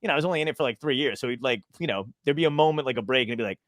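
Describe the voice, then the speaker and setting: A man's voice: medium pitch, expressive, racing, fairly bright tone, no echo, clean studio sound. Laughing man hosting a comedy podcast. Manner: laughs often, tells rambling anecdotes with profanity. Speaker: podcast host. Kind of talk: casual comedy podcast chat.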